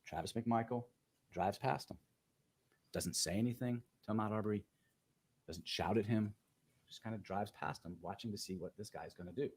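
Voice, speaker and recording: Deep-ish voiced lawyer guy doing an opening statement in court, slow careful step by step. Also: a little mellow, breathy edge, poor audio. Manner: measured, methodical walkthrough of events. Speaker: defense attorney.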